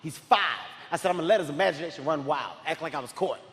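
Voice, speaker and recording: Man, stand-up comic, loud and animated, fairly high voice, big reverberant hall. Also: fast. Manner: loud, animated storytelling with frequent shouting. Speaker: stand-up comedian. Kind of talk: stand-up comedy. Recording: live hall reverb, faint crowd ambience.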